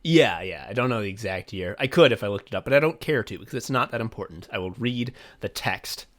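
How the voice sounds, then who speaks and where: A man co-hosting a podcast in casual chat, excitable and rambling, breaking into laughter. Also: fairly low pitch, fast talker. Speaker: podcast co-host.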